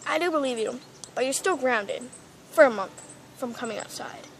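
A woman's voice: sits high, animated, moderate pace, slight background noise. A woman playing a stern young female pet owner who scolds her pet, in a toy role-play video.

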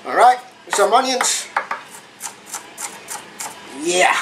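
A man with a very high voice hosts a casual home cooking demonstration, chatting away and repeating his phrases in street slang. There is background noise behind him.

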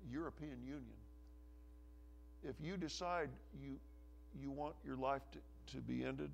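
A male pastor preaching a sermon in church, pressing hard on some phrases and letting others drop low and soft. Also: vocal fry, slight background noise. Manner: preaching with rising emphasis and soft, dropping asides. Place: church sanctuary.

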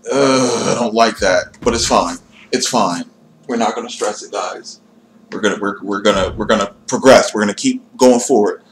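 A man's voice: lowish voice, normal speed, slight background noise. A young man casually chatting to his viewers while building a character in a game, reassuring himself and joking at his own expense. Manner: chatty, talks to chat while tinkering, self-deprecating. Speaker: gaming livestreamer. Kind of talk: casual livestream commentary.

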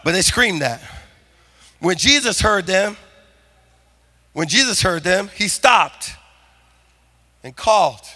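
A man preaching a sermon as pastor, shouting and building intensity in a church. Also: sits high, big pitch swings, slow, pauses often. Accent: Californian. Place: church sanctuary.

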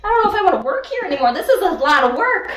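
A flustered woman playing a harried pet sitter in a kids' pretend game. Her voice is very high and jumps around a lot in pitch. She is recorded from far off in an echoey room, with clear noise behind her. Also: very animated, racing, fairly bright tone. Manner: fretful, flustered pretend play. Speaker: pretend pet daycare worker. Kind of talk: pretend play for kids. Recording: roomy, distant, noisy home recording.

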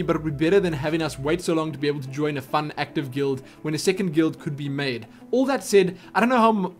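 A man with a somewhat high voice talks casually into his webcam from his computer desk, rambling and poking fun at himself. Faint music plays quietly underneath. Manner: rambling, self-deprecating, chatty. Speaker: channel host answering viewer questions. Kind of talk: casual Q&A chat. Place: at a home computer. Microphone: webcam microphone.

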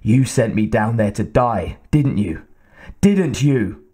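A man playing a furious, battered colonel who speaks low, slow and threatening. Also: animated, mellow, breathy edge, exaggerated voice. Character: furious battered male colonel, cold and menacing.

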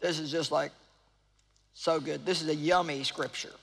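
A woman's voice: low-pitched, fairly even intonation, moderate pace, husky. A woman preacher giving an evangelistic sermon to a live audience in a large hall, earnest and pleading, repeating phrases for emphasis. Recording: long reverb of a large hall.

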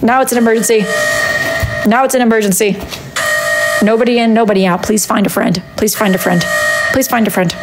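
A woman's voice: on the high side, steady tone, fairly quick, pauses often. A woman chatting casually on a live stream while she draws, scolding her chat and kicking people out. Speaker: wood-burning artist streaming live. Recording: music playing behind the voice.

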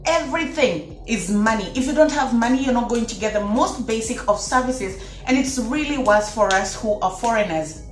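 A woman's voice: on the high side, expressive, normal speed, reverberant. A woman from Kenya talking casually to camera in an opinion vlog, emphatic and repeating her points to her viewers. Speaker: vlogger.

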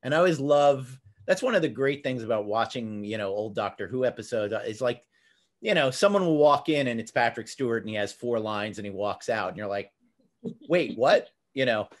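A man hosting a podcast, chatting casually and telling stories with quick laughs. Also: mid-range voice, expressive. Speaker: podcast host. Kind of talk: casual chat.

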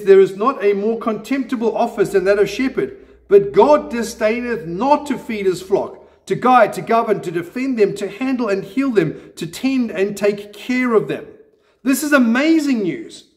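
A man with a notably high speaking voice delivers a sermon in a church. He preaches earnestly but mixes in gentle self-deprecating humor. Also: animated, normal speed. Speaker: pastor.

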